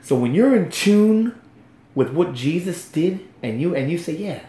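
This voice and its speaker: A man in his fifties talks about his faith with lively swings in pitch, like a preacher telling a story. His voice carries a roomy echo. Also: measured pace. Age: 50s. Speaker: guest. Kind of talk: faith testimony in conversation.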